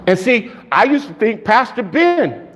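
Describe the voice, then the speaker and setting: Animated preaching man, high voice. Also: unhurried, slight background noise. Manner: animated preaching with laughter and shouted emphasis. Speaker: pastor. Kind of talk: sermon.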